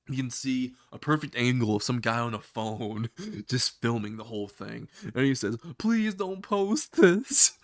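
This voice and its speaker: A man's voice: mid-range voice, gravelly, dry recording, studio quality. A man casually narrating a crude comedy story, laughing at his own jokes.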